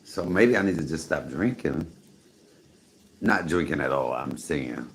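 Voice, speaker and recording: Very deep gravelly man in his fifties. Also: unhurried. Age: 50s. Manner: animated, repeats "come on, somebody". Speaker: vlogger. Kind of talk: casual chat to camera. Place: home apartment, indoors, cooking. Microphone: camera mic.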